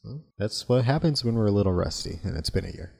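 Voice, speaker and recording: A man's voice: lowish voice, lively intonation, fast, gravelly, darkish tone, husky. A tired man co-hosting a casual podcast chat, rambling, asking questions and correcting himself. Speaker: podcast co-host. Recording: long hall reverb.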